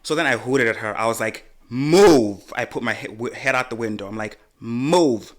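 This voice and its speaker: A young man co-hosting a casual podcast, telling a story in an animated, profane way. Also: fairly low pitch, quick pace. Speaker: podcast co-host.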